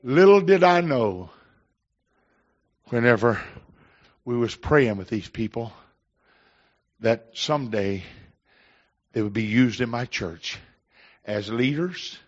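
An older man preaching a sermon, telling folksy stories and rising into emphatic declarations. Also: mid-range voice. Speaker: pastor. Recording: slightly dull, muffled recording.

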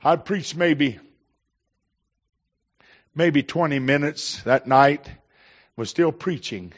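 A man's voice: a little high, slow pace. An older man preaching a sermon, telling folksy stories and rising into emphatic declarations. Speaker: pastor. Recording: slightly dull, muffled recording.

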